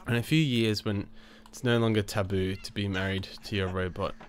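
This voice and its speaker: A man's voice: on the low side, steady tone, normal speed, slight background noise. A man with a stuffed-up cold, casually commenting on his life-sim game with lots of fillers, restarts and chuckles. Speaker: gaming channel host. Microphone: new desk microphone.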